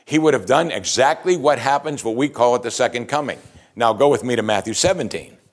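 A man's voice: medium pitch, a little fast. A man giving a chatty, conversational Bible teaching, often putting rhetorical questions to his listeners. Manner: informal, chatty retelling of scripture.

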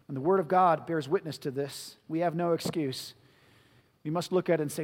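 A man's voice: a little high, fairly quick. A male pastor preaching a sermon, earnest and rising to emphatic peaks, in a church. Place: church sanctuary. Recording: long reverb of a large hall.

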